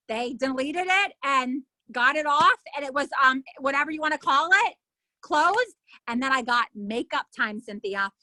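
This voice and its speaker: A middle-aged woman telling her own story as an interview guest, animated and indignant, acting out what others said. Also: sits high, moderate pace, no room sound. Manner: animated, acts out other people's lines. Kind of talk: emotional personal storytelling.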